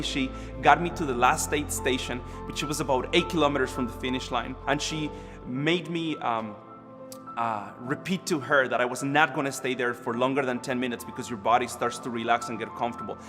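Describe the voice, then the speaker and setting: Earnest man. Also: medium pitch. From Costa Rica. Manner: earnest storytelling with frequent restarts. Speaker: church member sharing a testimony. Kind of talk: personal testimony at a church service. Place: church auditorium. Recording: long hall reverb with music under.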